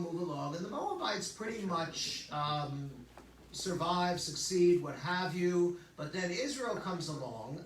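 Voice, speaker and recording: Brief: older male rabbi, casual joking sermon, bright slightly high voice, distant mic in an echoey sanctuary. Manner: joking, conversational, lots of okays and asides. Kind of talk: informal sermon. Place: synagogue sanctuary. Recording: echoey hall, distant mic, faint hum.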